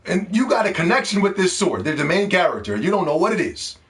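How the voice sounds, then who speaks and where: A man delivering a loud, profane, mocking rant as a gaming commentator. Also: sits high, sing-song, quick pace. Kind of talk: ranting video commentary.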